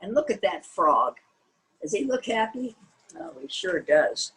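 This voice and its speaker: Slow, sing-song older woman storyteller. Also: mid-range voice, very animated, a bit bright, rough recording. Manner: sing-song, asks the young listener questions. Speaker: children's storyteller. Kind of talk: reading a picture book aloud to children.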